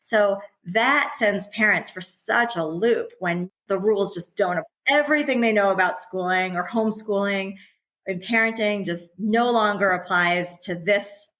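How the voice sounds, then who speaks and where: A woman's voice: mid-range voice, a little slow, a bit bright. A middle-aged woman speaks as a guest in a casual podcast conversation. She is candid and chatty, and laughter runs through her talk. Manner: chatty and candid, laughs often while talking.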